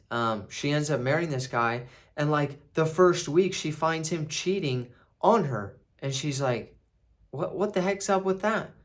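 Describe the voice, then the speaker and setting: A man casually recapping a film, rambling with restarts and fillers. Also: on the high side. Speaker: movie reviewer.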